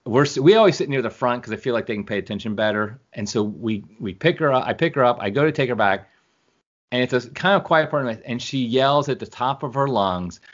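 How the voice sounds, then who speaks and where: A man's voice: mid-range voice, lively intonation, brisk. A middle-aged man chatting as an interview guest, rambling and correcting himself as he goes. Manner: rambling, self-correcting, chuckles often. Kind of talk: casual interview chat. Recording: muffled lo-fi video call audio.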